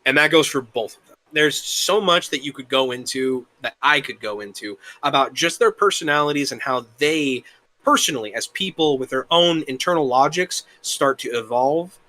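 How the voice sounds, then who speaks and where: A young man talking casually as an interview guest, rambling and halting, with the occasional curse. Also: medium pitch, expressive, bright, forceful tone. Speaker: guest, worldbuilding creator.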